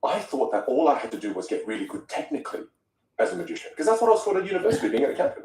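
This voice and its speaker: A young man, a communication coach, telling stories in an animated way during a podcast interview. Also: on the high side, racing, creaky, echoey room, recorded from a distance, poor audio. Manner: animated, dramatic storyteller who acts out voices.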